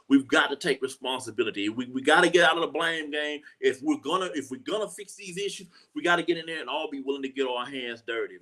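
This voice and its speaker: On a live talk show, the host's voice sits on the high side with a fairly bright tone. He comes across as earnest, leaning on repetition for emphasis, acting out quoted voices, and often asking "you know what I'm saying."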